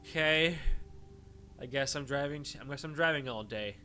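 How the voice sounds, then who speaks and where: A man's voice: mid-range voice, moderate pace, sharp tone, soft background music, pitched above the performer's own voice, lightly acted. A man voicing a sulky, whiny sixteen-year-old boy who complains about chores.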